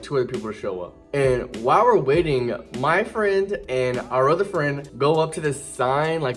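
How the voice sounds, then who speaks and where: A young man casually telling a story from his teens, animated, often jumping into loud high-pitched voices when he quotes people.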